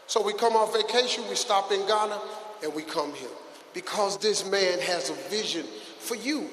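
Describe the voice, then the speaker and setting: An older man giving a comedic motivational speech to a live audience, animated, acting out quotes and swinging between shouts and hushed asides. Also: high voice, normal speed, noisy background. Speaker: guest speaker at a youth event. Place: large hall with a live audience. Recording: echoey hall with long reverb.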